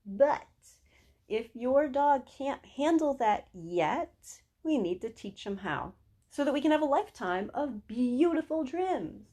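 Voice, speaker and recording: A woman's voice: sits high, measured pace. A middle-aged woman hosting a podcast for dog groomers, talking casually and animatedly, laughing often and repeating herself. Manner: acts out calm soothing talk to dogs and owners. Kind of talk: casual solo podcast teaching.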